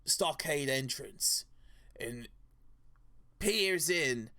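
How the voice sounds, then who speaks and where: A man's voice: lively intonation, extremely slow, pushed and bright. A man narrating a tabletop role-playing game as dungeon master, in a loose, rambling way. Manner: loose, rambling narration with sudden pitch jumps into character voices.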